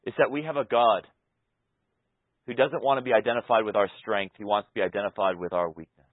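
A pastor preaching a sermon, moving between loud, passionate peaks and soft, intimate stretches. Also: male voice, lowish voice, steady tone, fairly quick, no echo. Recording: tinny phone-like sound.

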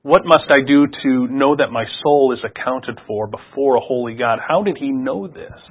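A male preacher at a middle pitch reads a scripture passage aloud and then explains it in an easy, conversational manner. The recording is dull and lo-fi. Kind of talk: sermon with scripture reading.

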